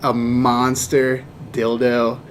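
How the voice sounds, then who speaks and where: A man's voice: medium pitch, monotone, very slow, slight background noise. A man hosting a podcast in casual chat, laughing a lot, swearing and playful while telling a story. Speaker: podcast host.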